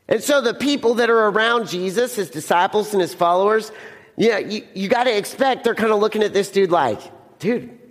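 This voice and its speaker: A man's voice: high-pitched, big-room sound. A young man preaching a casual sermon to teenagers as a youth pastor, often repeating words and acting out the scene.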